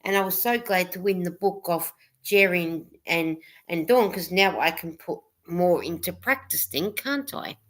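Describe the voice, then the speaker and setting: A woman co-hosts a casual live chat, reading viewer comments aloud with easy laughter. Her voice is bright and forward. She talks in a warm, rambling, encouraging way. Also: lowish voice, normal speed, hardly any pauses. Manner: chatty, reads comments aloud, laughs often. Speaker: livestream co-host reading chat.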